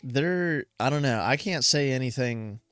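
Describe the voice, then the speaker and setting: A man's voice: mid-range voice, animated, unhurried, a bit bright, smooth, dry recording. A man co-hosting a podcast, teasing his friend in an easygoing, laughing, casual way. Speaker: podcast co-host. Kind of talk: casual chat.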